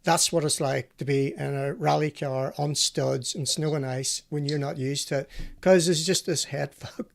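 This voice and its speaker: Brief: male host, slightly higher voice, wry chatty interviewer. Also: fairly even intonation, moderate pace, gravelly. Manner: chatty, steering questions, wry. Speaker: podcast host. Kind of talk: casual interview chat.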